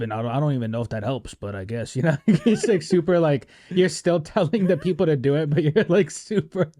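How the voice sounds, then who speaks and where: A man's voice: a little high, brisk, hardly any pauses, dark tone, dry recording, clean studio sound. Rambling joking podcast host, a man. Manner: rambling, joking, filler-heavy. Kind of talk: casual podcast chat.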